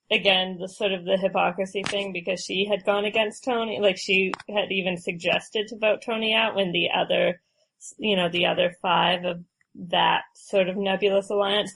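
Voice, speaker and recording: A woman co-hosting a podcast, chatty and quick to laugh. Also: medium pitch, creaky, fairly bright tone, slight background noise, low-quality recording. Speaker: podcast co-host. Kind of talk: casual chat.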